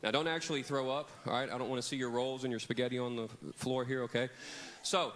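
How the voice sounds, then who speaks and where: A man's voice: medium pitch, steady tone, quick pace, a bit bright. A man preaching a children's camp sermon in a church hall, leading kids in call-and-response on a handheld mic. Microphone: handheld microphone.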